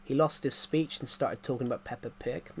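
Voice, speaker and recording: A man's voice: medium pitch, moderate pace, gravelly, husky. A man, chatting casually on a game live stream, rambling and repeating himself with frequent chuckles.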